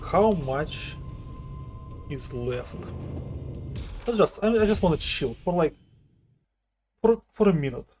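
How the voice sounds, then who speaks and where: A man's voice: on the high side, lively intonation, takes it slowly, pauses often, a little mellow, faint music behind. A man streaming a video game, chatting casually and talking to himself as he plays. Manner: rambling, self-talk with restarts. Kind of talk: casual live-stream chat.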